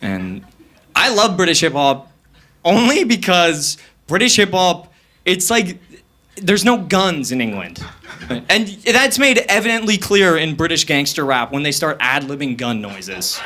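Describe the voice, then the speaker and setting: A young man doing stand-up comedy on a stage into a handheld mic, energetic and self-mocking, jumping into voices. The live comedy club recording carries audience noise. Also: on the high side, measured pace.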